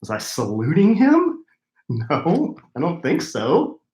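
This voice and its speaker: A man's voice: slow, reverberant. A man co-hosting a casual podcast chat, telling jokey stories with big swings in his voice. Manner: animated, jokey storytelling with big pitch jumps. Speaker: podcast co-host.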